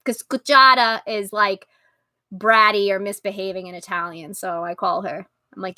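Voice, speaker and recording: A woman hosting a casual live-stream chat, talking loudly and laughing often. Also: medium pitch, steady tone, normal speed, no room sound. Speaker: podcast host.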